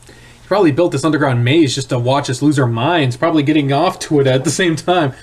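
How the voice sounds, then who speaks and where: A man's voice: fairly high pitch, fairly quick. Man narrating a tense horror story. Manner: tense, hushed dramatic reading. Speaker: streamer reading a visual novel. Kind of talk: first-person story narration.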